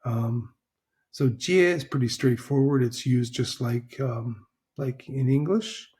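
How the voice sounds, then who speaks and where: A man's voice: mid-range voice, darkish tone. A man teaching a recorded language lesson, patient and repetitive, often checking in with "right?". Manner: slow, patient, repeats phrases, checks in with "right?".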